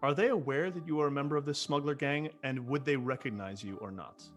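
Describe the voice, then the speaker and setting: A man narrating as game master for a tabletop game, in a casual, halting way with many fillers. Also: mid-range voice.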